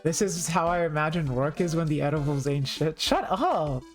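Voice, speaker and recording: A woman's voice: deep voice, animated, normal speed, faint music behind. Playful, joking young woman streamer. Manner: joking, playful, repeats herself. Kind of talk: casual live-stream chat while playing.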